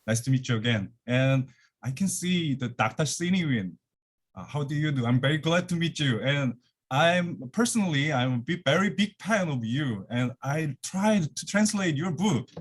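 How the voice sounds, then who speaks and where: A man's voice: on the high side, animated, normal speed, slightly rough. A man gives an academic lecture over a video call from his office, slightly out of breath, with many fillers and restarts. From Korea. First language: Korean. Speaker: guest lecturer.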